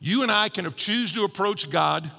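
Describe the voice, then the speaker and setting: A man preaching a sermon, telling a story with lively quoted voices and shifting from bold to hushed. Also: high voice, moderate pace, gravelly, big-room sound. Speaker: pastor.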